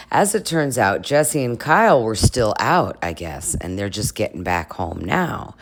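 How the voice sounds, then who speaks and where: A woman's voice: rumbling low, big pitch swings, a little slow, hardly any pauses. A woman casually recapping a reality show in a chatty, gossipy way, with laughing asides. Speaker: recap vlogger.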